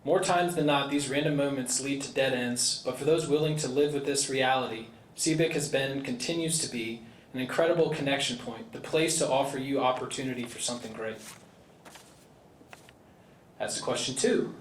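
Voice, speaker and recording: A man's voice: medium pitch, moderate pace, a little hiss or hum. A man, the board chairman, delivering earnest prepared remarks at an indoor gala. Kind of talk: prepared speech at a podium. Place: large indoor banquet hall. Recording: roomy hall with faint ambience.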